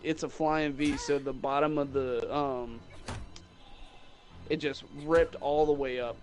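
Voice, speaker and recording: A young man who sells guitars, rambling through a mocking, animated story about rude customers in casual chat. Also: medium pitch. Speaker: guitar salesman.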